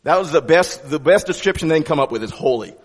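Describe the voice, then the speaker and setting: Male pastor, slightly higher voice, conversational animated sermon in a reverberant sanctuary. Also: fast, breathy edge. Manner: conversational, animated preaching with many restarts.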